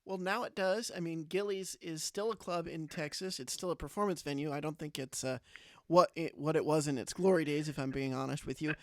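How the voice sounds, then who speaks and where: A man's voice: a little high, steady tone, a little fast, no room sound, clean studio sound. A man hosting a podcast interview, affirming his guest and prompting with questions. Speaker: podcast host.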